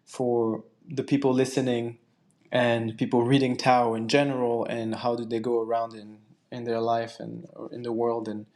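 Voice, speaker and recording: A man's voice: medium pitch, darkish tone. A man taking part in a casual spiritual discussion, speaking earnestly with many restarts and fillers. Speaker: guest participant.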